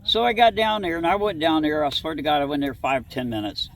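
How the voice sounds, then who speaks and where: A man's voice: fairly high pitch, brisk, a bit bright. A middle-aged man from southwest Ohio telling a childhood story in an interview, folksy and rambling, acting out bits of dialogue. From southwest Ohio, USA. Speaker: interviewee recounting childhood encounters. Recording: distant mic, faint background noise.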